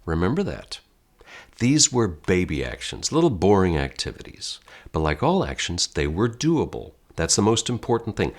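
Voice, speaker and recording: A man with an American accent teaching an online acting lesson, speaking directly and theatrically to the viewer as if to a class. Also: sits low.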